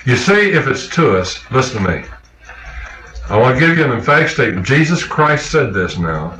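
A man's voice: mid-range voice, big pitch swings, moderate pace, pauses often, pushed and bright, echoey room, faint music behind, poor audio. A man preaching a sermon, emphatic and questioning his congregation.

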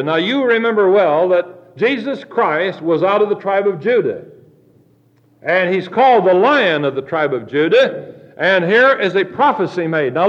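A man preaching a sermon, reading scripture aloud slowly and deliberately. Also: high voice, a bit bright. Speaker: pastor. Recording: dull lo-fi sermon recording.

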